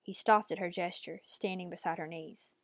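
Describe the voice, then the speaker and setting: Woman, audiobook narrator, measured steady reading, lowish voice, dry close recording. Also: dry recording.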